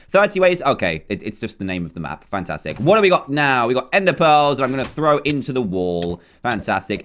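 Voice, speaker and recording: A man's voice: mid-range voice, fairly bright tone. A young man doing playful, casual commentary over a video game, pleading and jokingly taunting. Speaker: gaming YouTuber.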